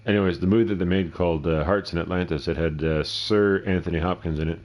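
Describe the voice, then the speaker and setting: A man's voice: deep voice, fairly even intonation, fast, a little mellow. A middle-aged man giving casual, rambling, profane commentary while streaming a game, often talking to himself. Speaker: gameplay streamer.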